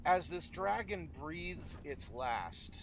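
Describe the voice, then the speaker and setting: A man narrating as game master of a tabletop game, relaxed and rambling with many ums, on a muffled recording with steady noise. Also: a little high, slow pace.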